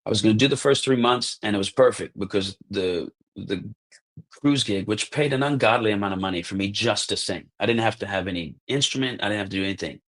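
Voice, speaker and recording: This is an American man in his thirties with a fairly low voice, speaking as a podcast guest. He tells his stories in an animated, casual way, slipping into the voices of the people he quotes and peppering his talk with "like" and "bro". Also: quick pace. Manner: animated, acts out quoted dialogue, says "like" and "bro" often. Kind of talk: casual storytelling.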